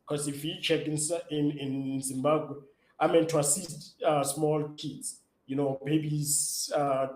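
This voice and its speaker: A man from Africa, answering interview questions as an app founder in an excitable, enthusiastic way. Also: on the high side. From South Africa. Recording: roomy echo.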